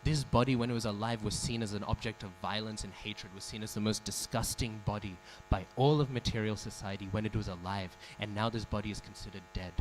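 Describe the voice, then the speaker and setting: A man's voice: lowish voice, fairly even intonation, a little fast, few pauses, a little hiss or hum, poor audio. A man giving a devotional class in a temple, telling a story, acting out the quoted speech and asking the audience questions. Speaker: speaker giving a scripture class. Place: temple hall.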